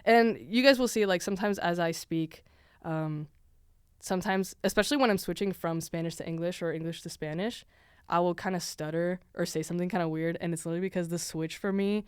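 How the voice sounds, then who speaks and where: A woman's voice: lowish voice, a little fast, clear, resonant tone, no echo, clean studio sound. A young woman from Venezuela with a Venezuelan accent, telling a casual story as a podcast host, chatty with many fillers.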